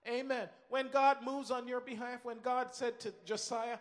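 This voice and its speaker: Male preacher, high voice, emphatic sermon delivery with repeated phrases, long reverb of a big hall. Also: little pitch movement, normal speed.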